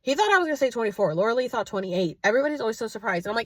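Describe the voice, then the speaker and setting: A woman's voice: on the high side, very fast, hardly any pauses, no echo, studio quality. Chatty woman in her thirties. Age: 30s. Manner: chatty, animated retelling with quoted dialogue. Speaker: vlogger. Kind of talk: casual storytelling to camera. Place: at home, indoors.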